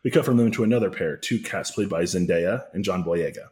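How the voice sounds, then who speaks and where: A man's voice: low-pitched, a little fast, darkish tone. A man co-hosting a podcast, narrating a parody story in a casual comedic way, with asides and chuckles.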